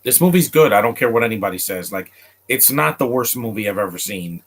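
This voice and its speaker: A man's voice: on the low side, expressive, brisk, husky. A man streaming live and chatting casually to viewers while reacting to a film, rambling and often stumbling and restarting his sentences. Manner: chats directly to viewers.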